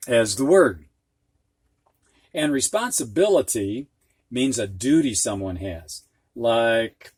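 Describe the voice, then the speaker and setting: A man's voice: mid-range voice, dry recording. A man teaching a recorded reading lesson, patiently breaking long words into syllables and giving example sentences.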